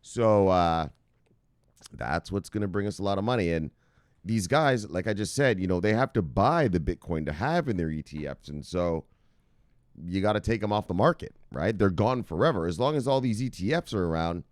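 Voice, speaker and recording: A man's voice: sits low, animated, moderate pace, no room sound, clean studio sound. A male host giving casual, loose crypto news commentary from his computer, chatty and profane, laughing often.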